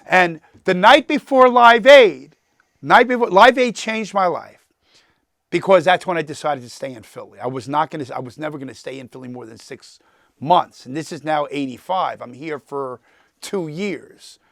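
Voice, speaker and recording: A man's voice: a little high, normal speed, dry recording, clean studio sound. A talkative man in his sixties with a New York accent, telling stories and quizzing a class as a guest lecturer. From New York, the Bronx. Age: 60s. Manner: talkative, animated, quizzes the audience. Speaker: guest lecturer, entertainment attorney.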